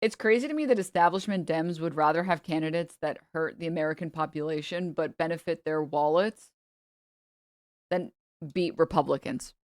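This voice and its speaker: A woman's voice: normal speed, no echo. Female streamer, sarcastic and profane, dry close sound. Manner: sarcastic, mocking, breaks into high laughter. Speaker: live streamer. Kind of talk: casual stream rant.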